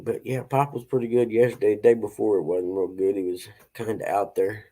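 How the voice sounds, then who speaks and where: A man's voice: fairly low pitch, brisk, mellow. A man in his fifties hosting a casual morning live stream, chatting with viewers in a laid-back way and chuckling often. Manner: laid-back, chuckling, reads chat aloud.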